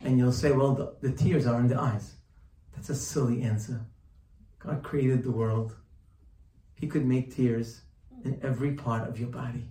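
A man's voice: medium pitch, steady tone, normal speed, warm tone. A man giving a sermon-style Torah lesson, quoting Hebrew texts and translating them, asking rhetorical questions and repeating phrases for emphasis. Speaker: rabbi teaching Torah. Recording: echoey room, voice from far off.

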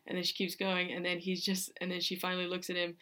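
Low, flat-voiced young woman rambling casually. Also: fast talker. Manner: rambling, many fillers and restarts. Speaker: podcast host. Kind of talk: casual film recap.

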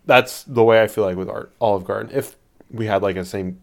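A man's voice: fairly low pitch, brisk, creaky. A young man from Indiana co-hosting a podcast, talking in a laid-back, easygoing way. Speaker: podcast co-host. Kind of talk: casual chat.

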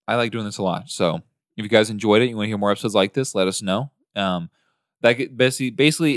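Male podcast co-host, young adult, lowish voice, dry close sound, halting delivery. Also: no echo. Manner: hesitant, halting, many ums and restarts. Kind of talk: casual chat. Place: in person in a shared room.

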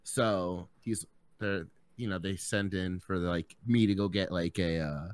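A man's voice: low voice, fairly even intonation, unhurried, clear, resonant tone. A young man chatting on a podcast, telling a story with lots of swearing and acting out what others said. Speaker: podcast co-host. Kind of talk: casual chat.

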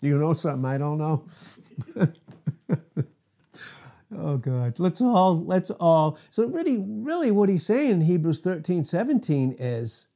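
Older male pastor, deep mellow tone, relaxed Bible teaching with frequent self-mocking chuckles. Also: a little slow, creaky, pauses often. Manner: chuckles often, self-deprecating asides. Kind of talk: informal Bible teaching sermon.

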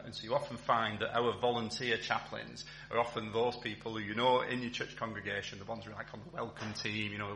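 Man, church talk, bright forward tone, echoey hall with faint hum. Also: on the low side. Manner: chatty and warm, with many ums and restarts. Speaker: visiting speaker, town centre chaplain.

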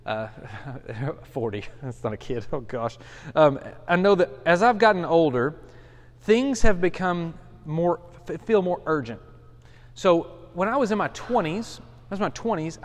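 A pastor in his forties leads a Bible study in an earnest, conversational way, often restarting his sentences. His voice sits a little high for a man. The sound trails off in a long, hall-like reverb. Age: 40s. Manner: casual and earnest, with many restarts and fillers.

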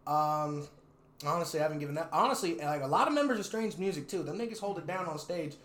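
A man's voice: a little high, lively intonation, fast talker, a bit bright. A young man, a rapper, chatting loosely in an interview, cursing freely and laughing often. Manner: laid-back, loose and profane, laughs often. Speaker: rapper and videographer, interview guest. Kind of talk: casual interview chat. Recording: roomy echo.

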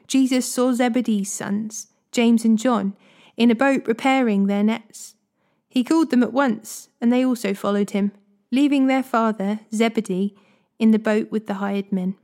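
A woman reading Bible passages aloud in a steady, measured way. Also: a little high. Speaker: Bible reader. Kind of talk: scripture reading.

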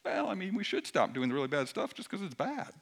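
A middle-aged man preaching a sermon in a conversational way, dropping at times to a hushed near-whisper. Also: high voice, very animated, quick pace. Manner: conversational, shifts between loud emphasis and hushed near-whisper. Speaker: pastor.

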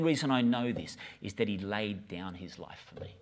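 A man's voice: on the low side, normal speed. A middle-aged man, preaching a casual, conversational sermon with frequent stammered restarts. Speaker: pastor.

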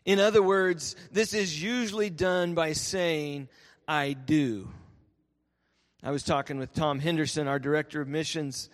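A man, a pastor preaching a sermon and telling lively stories that he laughs through. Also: on the high side, unhurried. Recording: reverberant church hall.

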